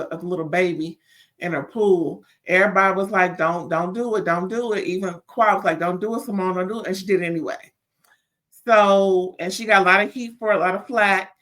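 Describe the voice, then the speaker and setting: Chatty woman doing a reality show recap, sassy, keeps stammering when she gets worked up. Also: lowish voice. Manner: animated and sassy, stammers when riled, calls listeners "child". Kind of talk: casual chat review.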